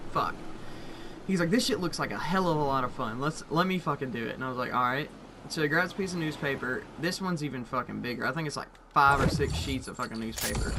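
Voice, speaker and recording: A young man telling a story in a casual, rambling way, swearing constantly and getting excited at the wild parts. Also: mid-range voice. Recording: audible background noise.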